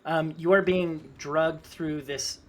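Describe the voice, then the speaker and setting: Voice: medium pitch, steady tone, slow, slight background noise. A game master narrating a tabletop fantasy game in a casual, rambling way.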